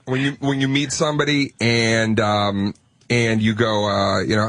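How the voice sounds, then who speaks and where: A comedian telling rambling, self-mocking stories in casual radio chat. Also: male voice, fairly low pitch, flat delivery, unhurried, a bit bright, no echo.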